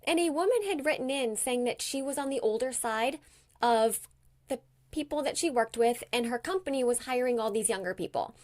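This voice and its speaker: A woman hosting an interview podcast with a somewhat high-pitched voice. She thinks aloud as she goes, reflecting her guest's points back in her own words before asking the next question. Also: fairly quick, a little mellow. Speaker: podcast host. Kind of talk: conversational interview.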